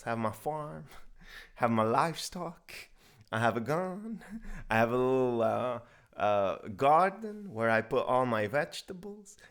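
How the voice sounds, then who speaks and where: An easygoing southern homesteader with a drawl, rambling about his ideal life in the woods, as a man puts on the accent in casual chat. His voice sits at a middling pitch for a man and comes out relaxed and unhurried. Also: clean tone. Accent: put-on American southern.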